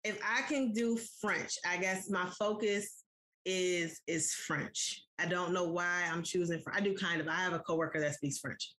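Speaking at an ordinary pace, a woman from the US chats casually on a podcast she co-hosts, talking right to the people listening. Her pitch sits fairly low, with a fairly bright tone.

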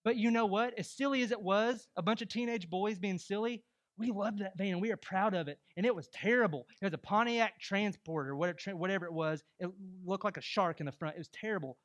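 A young adult man preaching a sermon as pastor, emphatic and rising to loud exhortation. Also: high voice, brisk.

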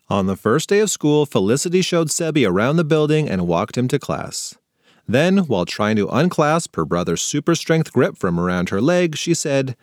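A man narrating a funny children's story with playful, expressive storytelling on a close mic. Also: mid-range voice, normal speed, no echo. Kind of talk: scripted narration for kids.

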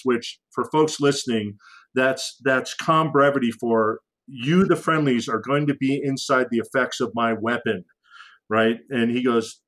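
A man speaks at normal speed in a medium-pitched, fairly bright voice, captured on a low-quality recording. As a guest who once flew fighter jets, he tells a story conversationally, frequently restarting and using fillers, and raises his voice to act out radio calls.

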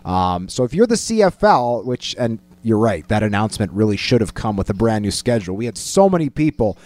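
A man co-hosting a casual sports talk show, opinionated and animated, mimicking quotes in a higher voice. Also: brisk. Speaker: sports podcast co-host.

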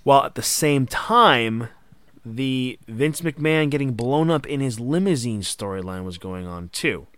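A man's voice: medium pitch, expressive, a little slow, fairly bright tone, clear, resonant tone, dry recording. A man hosting a casual podcast chat, recounting wrestling history partly from notes. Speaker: podcast host.

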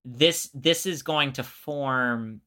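Bright-voiced explaining podcast co-host. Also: mid-range voice, extremely slow. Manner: explains at length, restarts and circles back. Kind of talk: casual explanatory chat.

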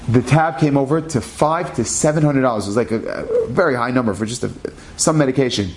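Man telling a story with animated delivery. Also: mid-range voice, fairly quick. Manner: animated, acts out the characters' lines. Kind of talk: spoken storytelling.

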